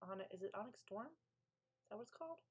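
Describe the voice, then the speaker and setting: A woman's voice: medium pitch, expressive, fairly quick, a little mellow, breathy edge. A woman author hosting a co-working live stream, chatting casually, gushing and talking back to her chat.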